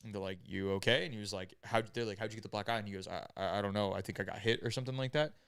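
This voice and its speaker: A man's voice: lowish voice, fairly even intonation, rapid-fire, vocal fry, fairly bright tone, clean tone, dry recording, studio quality. A man casually telling a grim story to friends on a podcast, rambling and profane, with many "right?"s and "like"s. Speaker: podcast host.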